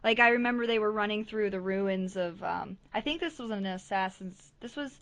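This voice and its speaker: An excitable young woman co-hosting a gaming podcast, speaking with quick enthusiasm. Her voice sits at a middling pitch for a woman. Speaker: podcast co-host. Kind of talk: casual gaming podcast chat.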